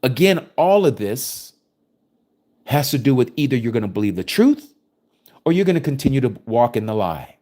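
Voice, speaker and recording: A man preaching a sermon, reading scripture aloud and explaining it with forceful rhetorical questions. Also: mid-range voice, sing-song, normal speed.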